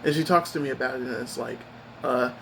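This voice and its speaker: A man's voice: medium pitch, quick pace, gravelly, slight background noise, low-quality recording. A man vlogging, telling a personal story in a rambling, upset way with many restarts.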